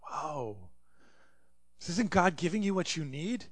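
A man's voice: fairly high pitch, big pitch swings, slow, no room sound. A man preaching a sermon as a pastor, telling a story conversationally and asking rhetorical questions.

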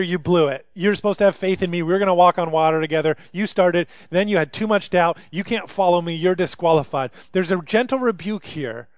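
A man preaching with a notably high voice. His delivery is impassioned, swelling into loud pleas and sinking to near hushes. The sound is close and dry, with no room around it. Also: no room sound. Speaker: pastor. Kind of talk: sermon.

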